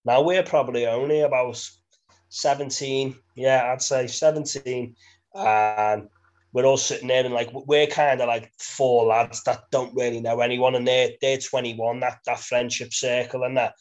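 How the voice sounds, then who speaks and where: Flat-voiced Merseyside man telling stories. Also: medium pitch, moderate pace. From Birkenhead, England. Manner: rambling, sweary, laughs mid-sentence. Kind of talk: casual storytelling chat.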